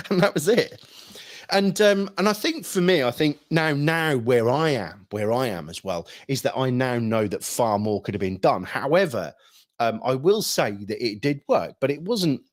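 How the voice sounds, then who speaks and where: A middle-aged man telling a story casually, rambling with many ums and restarts, swearing freely and acting out shouted quotes. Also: mid-range voice, animated, moderate pace, no echo, clean studio sound. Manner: acts out shouted quotes with sudden bursts. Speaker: hypnosis trainer recounting military past.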